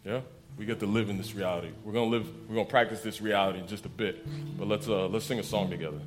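A young man preaching casually to a congregation, telling stories with laughter and lively quoted voices. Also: fairly low pitch, fast, over music. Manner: casual, animated storytelling with laughs. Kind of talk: sermon with testimony.

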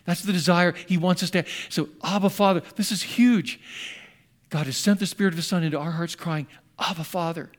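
An older man who is a pastor, preaching a sermon in an earnest storytelling manner that shifts between hushed and emphatic. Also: high voice, fairly even intonation, fairly quick.

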